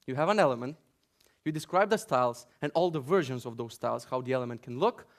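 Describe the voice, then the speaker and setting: A man's voice: medium pitch, expressive, fast. A man from Macedonia giving a joking, sarcastic conference talk and ranting to a hall audience. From North Macedonia. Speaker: conference speaker.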